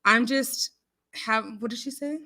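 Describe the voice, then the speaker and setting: Talking with her hands, this livestream host reads out viewer comments in a giggly, rambling, casual way full of fillers. She has a fairly high, bright voice with a forceful tone, keeps her intonation fairly even, and doesn't hurry.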